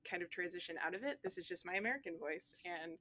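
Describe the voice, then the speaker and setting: A woman's voice: on the low side, animated, quick pace, bright, forceful tone. A woman from Nova Scotia, speaking in a casual interview in a chatty way, with lots of "um" and "like" fillers.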